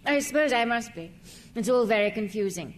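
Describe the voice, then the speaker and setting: A woman's voice: a little high, expressive, a little fast, close to an everyday voice. An actress playing the teasing, petulant ghost of a man's first wife, with an airy, mocking and sulky manner, in a radio drama. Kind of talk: stage-style radio drama acting.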